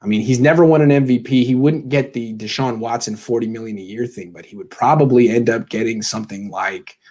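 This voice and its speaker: A man's voice: medium pitch, brisk, darkish tone. A man hosting a live sports Q&A, thinking aloud in a casual, conversational way with sarcastic asides. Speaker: sports podcast host answering viewer questions.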